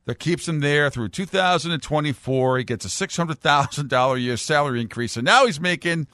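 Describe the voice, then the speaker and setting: A man with a New England accent hosting sports talk radio, arguing in animated banter. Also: fairly high pitch, a little fast, dry recording, clean studio sound. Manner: argumentative, animated.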